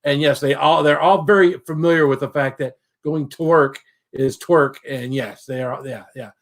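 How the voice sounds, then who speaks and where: A man's voice: a little high, fairly even intonation, normal speed. Chatty man hosting a livestream. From Michigan, USA. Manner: chatty, greets viewers by name. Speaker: livestream host. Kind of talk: casual live-stream chat.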